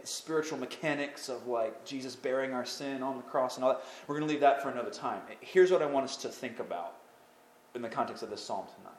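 A man teaching an evening Bible study, earnest, climbing to impassioned pleading and dropping to soft reflection. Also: mid-range voice, a little hiss or hum.

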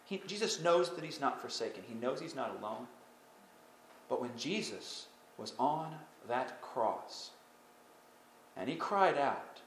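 A man teaching an evening Bible study, earnest, climbing to impassioned pleading and dropping to soft reflection. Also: medium pitch, very animated, unhurried.

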